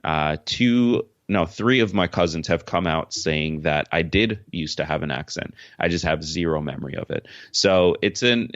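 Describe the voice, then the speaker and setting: Very deep-voiced man on a dull line. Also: moderate pace, few pauses, dry recording. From Jamaica. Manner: relaxed, many "uh" fillers, laughs easily. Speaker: podcast host and author, guest. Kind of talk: casual interview answers. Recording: dry, dull lo-fi remote call audio.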